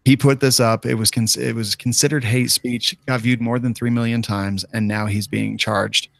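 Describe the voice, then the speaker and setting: A man's voice: medium pitch, little pitch movement, moderate pace, creaky, no echo. A man hosting a podcast in casual chat, often laughing and reading sponsor ads. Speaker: podcast host.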